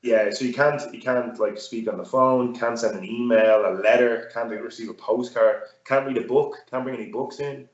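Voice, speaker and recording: A man's voice: medium pitch, fairly even intonation, normal speed, hardly any pauses. Irish guy rambling in an interview, echoey room, kinda muffled audio. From Ireland. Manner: rambling, lots of fillers and restarts. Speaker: guest fighter and gym owner. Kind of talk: casual chat. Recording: roomy, dull-sounding audio.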